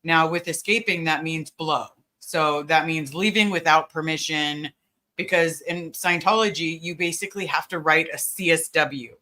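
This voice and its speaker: A woman's voice: sits low, normal speed, sharp tone. A woman hosting a casual livestream, greeting viewers by name and talking with many fillers. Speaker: livestream host.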